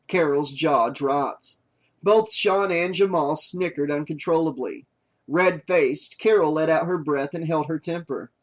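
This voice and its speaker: A man narrating a horror novel audiobook in a steady, even storytelling manner. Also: a little high, normal speed.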